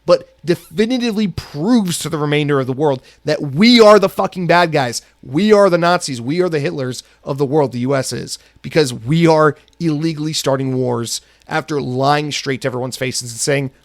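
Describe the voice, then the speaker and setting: A man's voice: on the high side, moderate pace, few pauses, no echo, clean studio sound. A man hosting a solo podcast, from the United States, ranting angrily with heavy profanity. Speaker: podcast host.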